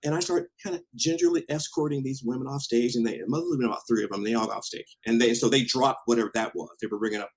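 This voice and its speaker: A man from Washington State, a podcast guest, telling an animated story in a casual way with laughs and swearing. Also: medium pitch, quick pace, hardly any pauses, slightly rough, poor audio. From Washington State, USA.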